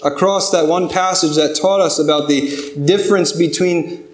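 A man's voice: a little high, steady tone, moderate pace. A man preaching a sermon, earnest and building to pleading intensity. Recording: echoey room.

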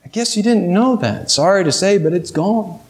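A man's voice: high voice, expressive, normal speed, a little mellow. A man doing a lecturing know-it-all cat.

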